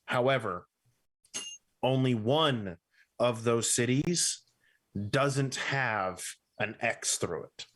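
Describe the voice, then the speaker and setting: A man's voice: medium pitch, slow pace, long pauses, fairly bright tone. A man running a tabletop game as game master, narrating in a casual way and checking in often with "right?". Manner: casual, uses fillers like "right?".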